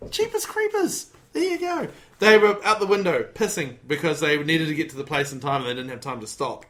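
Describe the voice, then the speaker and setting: A man's voice: on the high side, quick pace, fairly bright tone. A man hosting a casual podcast chat, telling stories in a rambling, joking way. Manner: jokey, rambling storyteller who slips into mock voices. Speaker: podcast host.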